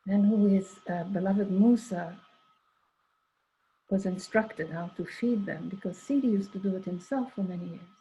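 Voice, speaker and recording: A woman's voice: medium pitch, moderate pace, warm tone, a little hiss or hum. An older woman telling a personal story in a rambling, conversational way, full of asides and quoted dialogue. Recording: dull lo-fi recording.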